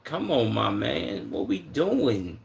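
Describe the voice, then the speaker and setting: A man's voice: medium pitch, big pitch swings, takes it slowly, vocal fry, a little hiss or hum. A man in his twenties from Chicago, reacting casually on a live stream in a slangy way, often incredulous and stuttering over his words. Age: 20s.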